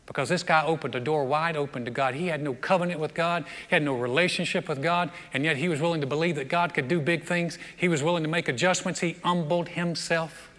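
High, bright, animated preacher man. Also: quick pace, few pauses. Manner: animated storytelling, humorous asides. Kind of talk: sermon. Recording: long reverb of a big hall.

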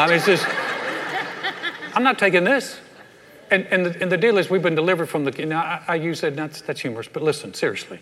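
Preacher man, a bit high voice, folksy and lively, big echoey church hall. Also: fairly quick. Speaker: pastor. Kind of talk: humorous sermon. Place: large church sanctuary. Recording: echoey hall with long reverb.

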